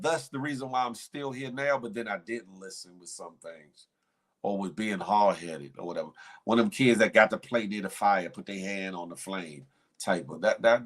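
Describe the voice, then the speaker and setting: With a lowish voice, the host of a live morning show chats casually and reads out viewer comments, bantering playfully, laughing often and talking in slang.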